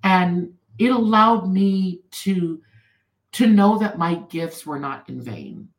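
A woman guest telling her personal story in an interview, earnest and animated. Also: lowish voice, takes it slowly, reverberant, poor audio.

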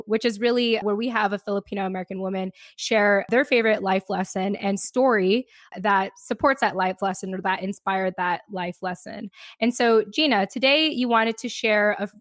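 A woman's voice: medium pitch, fairly bright tone, no echo, studio quality. A woman hosting an interview podcast, chatting casually, laughing often and saying "like" a lot. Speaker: podcast host.

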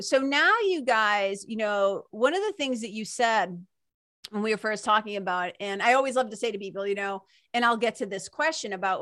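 A woman's voice: mid-range voice, fairly bright tone, no echo, studio quality. A woman with a Boston accent hosting a podcast interview, chatty and rambling with frequent laughs. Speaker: podcast host. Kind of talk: casual interview chat.

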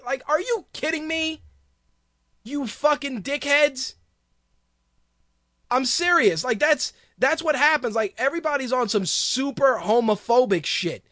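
A man's voice: very high-pitched, lively intonation, a little slow, sharp tone, no room sound, clean studio sound. A man hosting a radio show, ranting casually in a heated, profane way with lots of restarts. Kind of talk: casual on-air rant.

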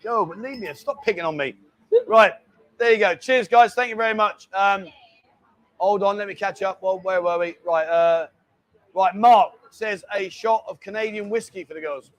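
Give me a man with a high voice, joking through a casual live stream in a bar. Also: normal speed, a bit bright. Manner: joking, banters, reads viewer messages aloud.

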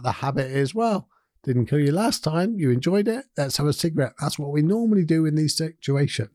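A man's voice: medium pitch, darkish tone, no room sound. Man, podcast host, casual explanatory talk, restarts and asides, dry room. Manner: conversational, rambling with restarts and quick asides.

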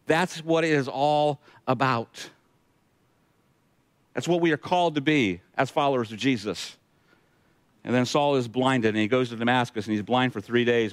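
A man's voice: medium pitch, no room sound. A male pastor preaching a sermon, retelling scripture with emphatic asides to the congregation.

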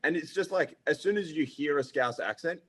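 A man's voice: on the high side, brisk, a bit bright. A man, a comedian guest, chatting over a video call with joking, self-mocking humor. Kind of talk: casual chat.

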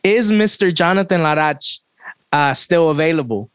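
Hyped-up male podcast host, high voice. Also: animated, moderate pace, clear, resonant tone, no echo. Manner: hyped, playful hype-man intros. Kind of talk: casual podcast chat.

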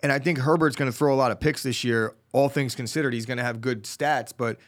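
A young man co-hosting a casual sports chat, relaxed, reading out betting odds and giving confident opinions. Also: mid-range voice, fast talker. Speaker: podcast co-host.

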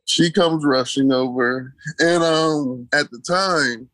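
A man's voice: medium pitch, unhurried, few pauses, fairly bright tone, no room sound. A man telling his own story in an interview, casual and colloquial, repeating key phrases for emphasis. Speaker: interview guest. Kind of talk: personal storytelling in conversation.

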